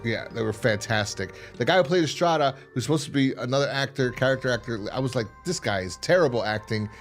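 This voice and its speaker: A man hosting a casual TV review, rambling and swearing as he acts out characters' lines in quick voices. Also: medium pitch, animated, soft background music. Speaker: podcast host reviewing a TV series.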